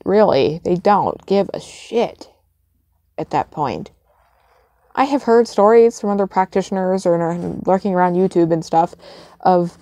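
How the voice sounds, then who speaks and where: A woman's voice: lowish voice, a little mellow, no room sound. A young adult woman giving blunt, emphatic advice in a casual vlog, swearing freely. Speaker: witchcraft vlogger.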